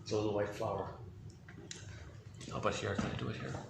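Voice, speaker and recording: A man's voice: lowish voice, completely flat delivery, quick pace, gravelly, noisy background. A man giving a rambling spoken monologue, full of restarts and asides, while moving around inside a building. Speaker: self-help commentator. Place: indoor building with hallway and rooms. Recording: echoey indoor space.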